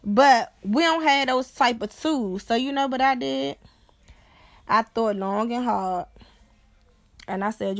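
A woman's voice: fairly high pitch, slow, long pauses, no room sound. A young woman hosting a podcast, telling a personal story in a blunt, profane, casual way and often checking in with her listener. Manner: blunt and profane, keeps asking "you know what I'm saying"; animated, acts out other people's voices. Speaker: podcast host.

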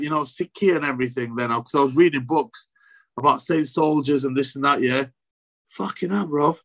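A man's voice: fairly high pitch, fairly bright tone. Swearing man telling a raw story. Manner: swears often, halting and repetitive. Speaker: interview guest. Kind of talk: emotional personal story.

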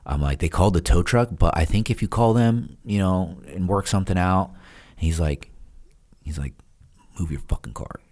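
A man's voice: deep voice, normal speed. A man, a podcast guest, telling a story in casual chat and acting out the other people's lines. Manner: animated, acts out quoted dialogue with laughs. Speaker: podcast guest, retired Navy SEAL.

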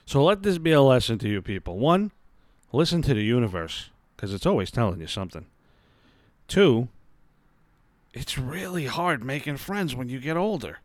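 A man in his 30s, lying on his bed at home, hosts a podcast and rambles through a story, swearing a lot and mocking himself. His mid-range voice has a sing-song lilt at normal speed, on a dry recording.

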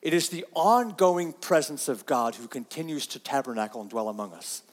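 A man's voice: mid-range voice, animated, moderate pace, in a large hall. A man preaching a sermon, earnest and repeating himself, reading scripture aloud. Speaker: pastor.

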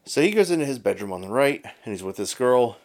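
Man, mid-pitched, rambling profane storyteller who keeps checking in with his listener. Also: big pitch swings, quick pace, a little mellow. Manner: rambling, profane, with many filler tags like "right?". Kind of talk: casual storytelling chat.

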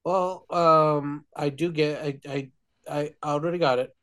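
A man's voice: fairly high pitch, steady tone, measured pace, fairly bright tone, no echo, clean studio sound. A man co-hosting a casual podcast, talking in a laid-back, easygoing way. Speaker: podcast co-host. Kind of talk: casual chat.

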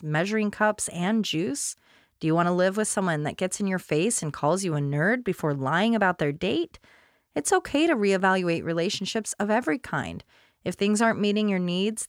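A woman's voice: medium pitch, dry recording. Woman host, wry commentary, dry close-miked sound. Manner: wry, conversational, laughs often. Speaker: podcast host. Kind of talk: scripted commentary, then casual chat.

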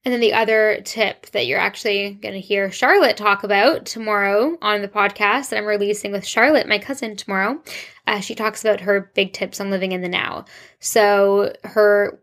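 A woman's voice: mid-range voice, a bit bright. A young woman hosting her own podcast, giving a casual, gushing solo update with lots of rambling and "like". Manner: bubbly, gushing, rambling with frequent "like". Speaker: podcast host.

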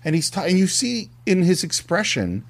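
A man's voice: sits high, very animated, moderate pace. A man co-hosting a film podcast, retelling scenes and acting out bits of dialogue in casual discussion.

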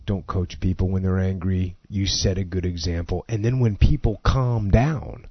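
A man's voice: deep voice, fairly even intonation, normal speed, husky, dry recording, muffled recording. A man hosting a podcast in casual chat, talking earnestly and laughing between thoughts.

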